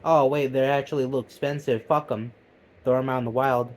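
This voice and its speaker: A man's voice: medium pitch, fairly even intonation, quick pace, lightly acted. A man mocking a callous, flippant guy. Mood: dismissive. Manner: flippant, dismissive. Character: careless callous man dumping kittens.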